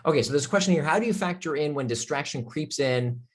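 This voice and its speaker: A man giving an impassioned talk on a video call, with emphatic rhetorical questions, then calmly answering audience questions from the chat. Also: a little high, quick pace. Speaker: author and speaker.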